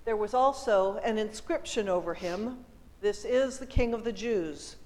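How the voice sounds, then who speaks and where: A woman reading scripture aloud as the lector at a service, slow and deliberate. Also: medium pitch, darkish tone, big-room sound, low-quality recording.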